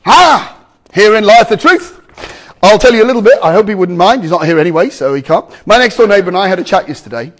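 A man preaching in a strikingly high voice that swings widely up and down. He drives points home with sudden loud exclamations, then drops into quiet, chatty asides to his congregation. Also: lively intonation, fast talker. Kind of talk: sermon.

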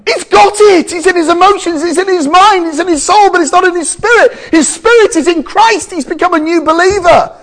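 A man preaching a sermon to a congregation, emphatic, with loud exclamations and quiet asides. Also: extremely high pitch, a little fast, few pauses.

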